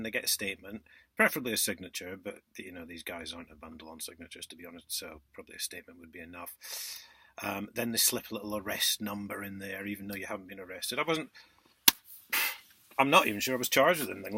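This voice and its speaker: Husky man ranting indignantly. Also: lowish voice, fast, no echo. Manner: indignant, sarcastic, swings between loud outbursts and muttered asides. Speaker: vlogger. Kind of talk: casual ranting monologue to camera.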